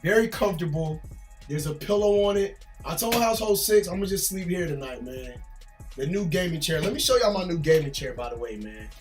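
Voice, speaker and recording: Sitting in his gaming chair at home, a man who works as an army drill sergeant records a relaxed reaction vlog, often throwing in "man" and "bro." He talks fairly quickly in an expressive, slightly high voice, with music playing.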